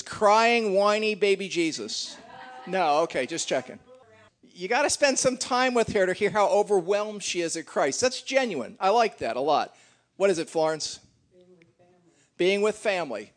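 Teasing man with a high voice. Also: big pitch swings, normal speed. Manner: teasing, playful, chatty. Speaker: pastor leading a church gathering. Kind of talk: casual joking address to a congregation.

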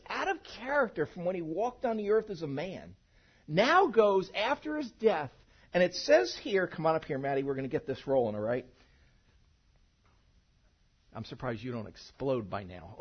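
A man preaching a sermon to his congregation in church, talking in a conversational, animated way and mixing humor with teaching. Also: fairly high pitch, breathy edge, muffled recording. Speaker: pastor. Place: church sanctuary.

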